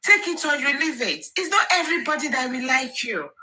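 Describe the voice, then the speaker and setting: A woman's voice: high-pitched, sing-song, a little fast, crowd noise, rough recording. A Nigerian woman speaking earnestly and encouragingly in a casual live audio chat, often repeating herself and slipping into pidgin and Yoruba. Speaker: social media commentator.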